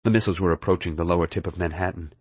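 Man, audiobook narration, first person, expressive, low pitch, husky. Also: rapid-fire, no echo.

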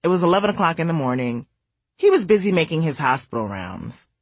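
A woman's voice: low voice, sing-song, quick pace, breathy edge, no room sound. A woman from the United States, narrating her own memoir in a candid, wry way.

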